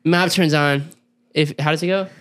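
A man's voice: on the high side, steady tone, moderate pace, fairly bright tone, clear, resonant tone. A young man in casual chat, teasing and retelling a story with quoted back-and-forth dialogue. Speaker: regular of a couples' channel.

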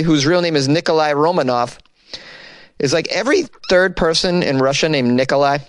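Reading out headlines and skewering them with wry, sarcastic remarks, a comic news commentator leaps in pitch whenever he sounds incredulous. His tone is fairly bright, with no echo on the recording.

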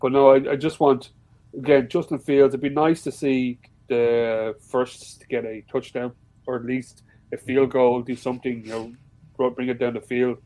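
A man's voice: mid-range voice, flat delivery, normal speed, warm tone, low-quality recording. An Irish man in casual podcast chat, swearing freely and telling stories with animation. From Ireland. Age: adult, with a father-in-law. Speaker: podcast guest.

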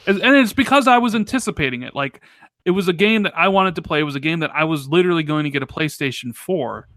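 A man co-hosting a casual gaming podcast, talking in an animated, rambling way full of restarts and fillers. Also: on the high side, fast talker, dry recording, clean studio sound. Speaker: podcast co-host.

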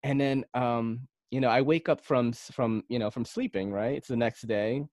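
A man's voice: mid-range voice, moderate pace, darkish tone, no room sound, clean studio sound. A man from the Philippines hosting a casual knife podcast, telling stories in a rambling way with lots of fillers and restarts. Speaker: podcast host.

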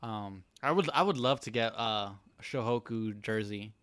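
A man's voice: on the low side, moderate pace, a bit bright, clear, resonant tone, no room sound. A man co-hosting a casual anime review chat, rambling with many fillers and laughing easily. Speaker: podcast co-host.

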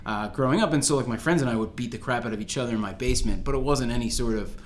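This young American podcast host talks very fast in a mid-range voice, with slight background noise behind him. He rambles casually, telling jokey stories full of "like"s and restarts.

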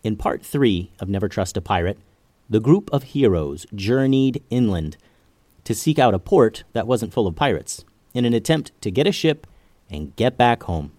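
Low-voiced man telling a kids' story. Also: expressive, moderate pace, darkish tone, dry recording. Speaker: podcast host and storyteller. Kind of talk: children's story narration.

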